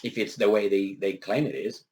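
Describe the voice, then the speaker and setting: A man commenting on a news article, arguing with rhetorical questions and sarcastic asides, with frequent hesitations and pitch that jumps on emphatic words. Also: steady tone, moderate pace, a little mellow. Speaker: political commentator.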